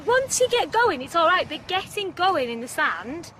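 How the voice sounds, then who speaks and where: A woman's voice: very high voice, very animated, moderate pace, sharp tone, slight background noise, poor audio. A woman training outdoors on a beach, chatting in a teasing, self-mocking way. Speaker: charity challenge participant. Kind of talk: casual chat while training.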